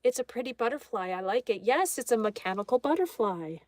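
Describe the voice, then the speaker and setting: A woman's voice: a little high, expressive, brisk, a little mellow, dry recording. Chatty woman hosting a live art stream. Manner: reads viewer comments aloud, friendly greetings. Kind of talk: casual live-stream chat while drawing.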